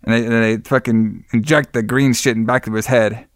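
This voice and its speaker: A man's voice: medium pitch, fairly even intonation, brisk, no echo, studio quality. A man casually recapping a horror movie as podcast co-host, rambling, swearing and laughing often.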